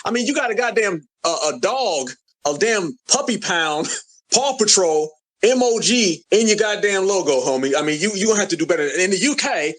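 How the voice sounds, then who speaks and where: A man's voice: high-pitched, animated, normal speed, fairly bright tone. A man hosting an audio chat room, taunting and roasting a caller with slang. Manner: taunting, repeats slang like homie and family. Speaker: host.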